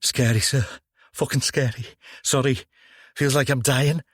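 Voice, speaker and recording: A man's voice: mid-range voice, fairly even intonation, unhurried, no room sound, studio quality, voice pushed up, natural voice. A man voicing a young male detective sergeant who sounds breathless, shaky and apologetic. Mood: panicked.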